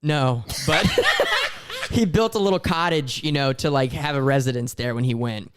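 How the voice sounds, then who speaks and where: A man's voice: a little high, very animated, moderate pace, a bit bright, clean tone. A man co-hosting a podcast, talking in a laid-back, jokey, slangy way. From Florida. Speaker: podcast co-host. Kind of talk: casual chat.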